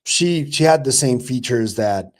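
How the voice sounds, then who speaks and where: A man hosting a podcast, chatting in a relaxed and curious way and swearing casually. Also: medium pitch, unhurried. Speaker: podcast host. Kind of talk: casual chat.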